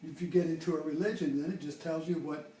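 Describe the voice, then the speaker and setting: Older guy rambling thru a spiritual talk, high-ish voice, roomy sound, mic kinda far off. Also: fairly even intonation, quick pace, mellow, a little hiss or hum. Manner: rambling, with many restarts and fillers. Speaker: spiritual teacher.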